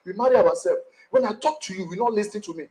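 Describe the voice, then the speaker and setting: Husband, high-pitched, stammering and hurried. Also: male voice, dark tone, low-quality recording. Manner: rushed, stammering, repeats words. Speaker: complaining husband in mediation. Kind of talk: emotional testimony in mediation.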